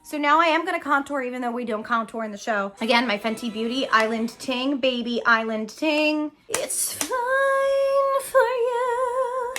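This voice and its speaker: A young woman chats her way through a makeup routine in a slightly high voice, giggly and quick to poke fun at herself. Faint music plays softly behind her. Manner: chatty, giggly and self-deprecating. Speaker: Broadway actress doing a makeup tutorial. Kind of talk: casual makeup tutorial talk.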